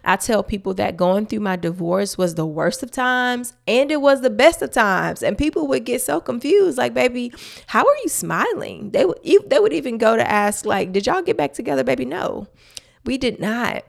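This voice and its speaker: A woman's voice: fairly high pitch, lively intonation, moderate pace, gravelly. A woman hosting a faith-based podcast, talking earnestly and emphatically straight to her listeners. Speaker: podcast host.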